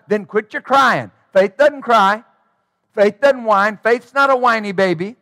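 A man's voice: sits high, moderate pace, pushed and bright, dry recording, studio quality. A man preaching a sermon as pastor, emphatic and rhythmic, drawing call-and-response from his congregation.

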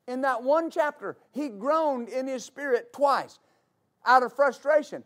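High-pitched man preaching a sermon. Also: animated. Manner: explains slowly, then builds to shouting. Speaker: pastor.

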